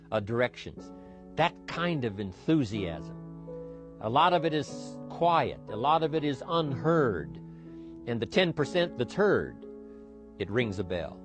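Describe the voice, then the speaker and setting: A man delivering a motivational talk with a middle-pitched voice. He speaks in an emphatic, repeating cadence, building point on point. Faint music plays under his words. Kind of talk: motivational speech.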